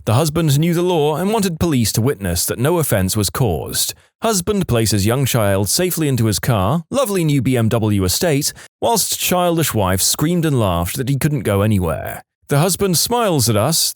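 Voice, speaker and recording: A man narrating a series of short storytime anecdotes, switching into quick put-on voices for the people he quotes. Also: medium pitch, no echo, clean studio sound. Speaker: narrator reading stories.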